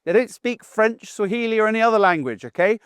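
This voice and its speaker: A man's voice: high voice, expressive, brisk, a bit bright, clean tone, no room sound, clean studio sound. A middle-aged man, a dog trainer, giving an instructional talk to camera in an assertive, down-to-earth way, often checking in with "okay?". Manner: plain-spoken, assertive, down-to-earth.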